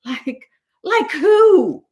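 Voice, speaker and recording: A woman's voice: a little high, huge pitch swings, measured pace, voice pushed up, full character voice. A woman voicing an eager, cheerful young duck in a storybook read-aloud. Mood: alarmed. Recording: echoey room.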